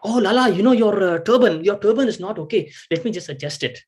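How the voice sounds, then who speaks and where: A man doing a fussing high doting mother. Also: expressive, quick pace, darkish tone. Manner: fussing, pleading, high-pitched. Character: doting anxious mother calling her son back.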